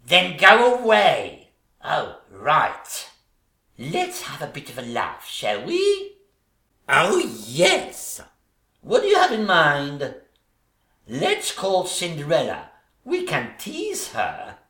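A catty, boastful ugly stepsister, as a man plays her in a stage pantomime, her voice swooping wildly from shrieks to low mutters. She drawls her jibes slowly and camply. The sound rings around an echoey stage. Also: huge pitch swings, bright, forceful tone, full character voice. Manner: camp, shrieking, teasing sing-song delivery.

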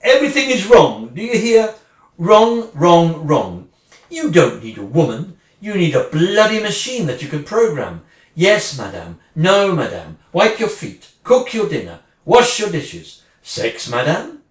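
A woman's voice: lowish voice, wildly swooping pitch, a little slow. A woman acting a sarcastic, wounded wife who is leaving her husband, speaking one side of a phone call in a dramatic monologue. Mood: furious. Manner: sarcastic, swinging between mocking and furious. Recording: roomy, distant mic.

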